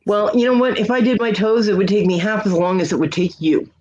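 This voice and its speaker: A woman's voice: mid-range voice, steady tone, fairly quick, a little mellow, muffled recording. A woman hosting a casual livestream chat, joking and laughing often. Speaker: livestream host.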